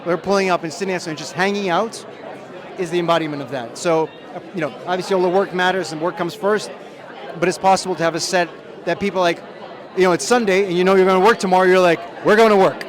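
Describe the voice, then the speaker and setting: A film director chatting in a press interview outdoors at a premiere, telling self-deprecating stories from the set. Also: male voice, sits high, steady tone, quick pace. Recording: crowd noise behind. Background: crowd chatter.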